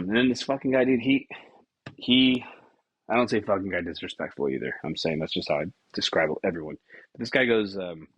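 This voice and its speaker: A man's voice: low-pitched, very animated, a little fast, husky, dry recording, lo-fi sound. A young man hosting a podcast, telling rambling, profane stories full of fillers in a casual way. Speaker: podcast host. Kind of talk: casual storytelling.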